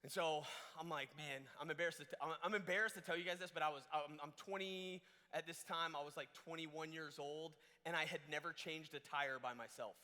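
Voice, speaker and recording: Young male camp speaker, high bright voice, lively story sermon, long hall reverb. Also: fairly quick, few pauses. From Georgia, US. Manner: animated, many restarts and fillers.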